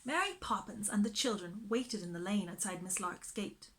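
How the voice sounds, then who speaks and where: A woman reading a children's storybook aloud in a slow, expressive way. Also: medium pitch.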